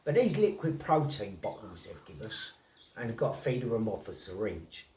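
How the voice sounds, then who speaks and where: A man's voice: lowish voice, big pitch swings, moderate pace, a little mellow, a little hiss or hum. A blunt, rambling man chatting casually to camera as a vlogger, swearing and laughing in disbelief. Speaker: vlogger on snaring and trapping. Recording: roomy, from a distance.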